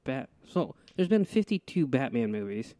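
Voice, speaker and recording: A man's voice: mid-range voice, very animated, moderate pace, warm tone, no echo. A middle-aged man co-hosting a podcast, teasing his son in blunt, profane casual banter. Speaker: podcast co-host.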